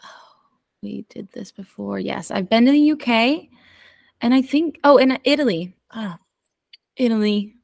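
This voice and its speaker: A woman's voice: fairly high pitch, a little slow, gravelly, pauses often, darkish tone, no echo, clean studio sound. A woman co-hosting a podcast in casual chat, playfully reading out listener stats. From United States. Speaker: podcast co-host.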